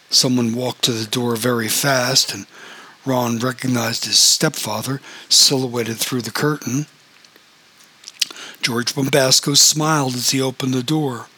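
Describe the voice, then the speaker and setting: A man reading an audiobook in a steady, even storytelling voice. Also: mid-range voice, unhurried, husky. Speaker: audiobook narrator.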